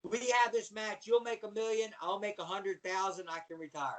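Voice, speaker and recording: Lively high-voiced middle-aged man telling stories. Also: a little fast. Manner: animated storyteller acting out voices, yelling and laughing. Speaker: guest, former pro wrestler. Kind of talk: storytelling on a podcast.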